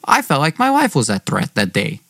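A man's voice: mid-range voice, huge pitch swings, moderate pace, vocal fry, fairly bright tone, husky, dry recording, clean studio sound. A young man narrating his own story in a plain, conversational way.

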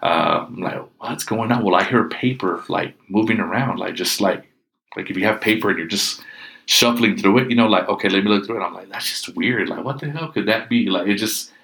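A man's voice: low voice, brisk, gravelly. A middle-aged man casually telling a personal ghost story, acting out what people said. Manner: animated, acts out quoted speech.

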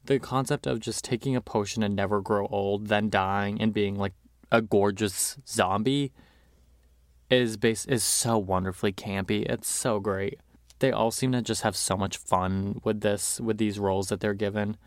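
A man's voice: lowish voice, steady tone, moderate pace, dry recording, clean studio sound. A man hosting a podcast, chatting casually and animatedly about movies, with lots of fillers, and acting out quotes. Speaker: podcast host.

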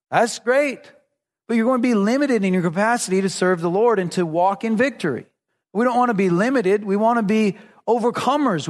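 A man in his forties delivers a sermon with a high-pitched voice. His preaching is earnest and emphatic yet conversational. A long reverb trails behind his words.

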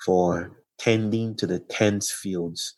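A man speaking as a podcast guest, telling a story in slow, poetic, meditative phrasing. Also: deep voice, fairly even intonation, darkish tone. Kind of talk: reflective conversational storytelling.

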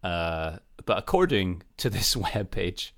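Low-voiced man in relaxed banter. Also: slow pace. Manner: laughs easily, hesitant. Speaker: co-host. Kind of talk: casual chat.

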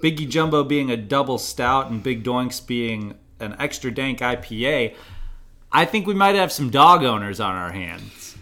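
A man's voice: medium pitch, lively intonation, unhurried, sharp tone. A man co-hosting a casual beer-tasting podcast, making dry, joking exaggerations. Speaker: podcast co-host. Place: home studio in Chicago.

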